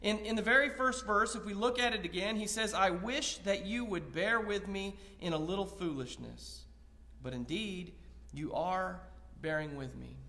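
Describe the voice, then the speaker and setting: In a church sanctuary, a man with a high voice preaches an evening Bible lesson, his words carried by a long, ringing reverb. He speaks earnestly at normal speed with some vocal fry, building his points through rhetorical questions and paraphrased scripture, his tone bright and forward throughout.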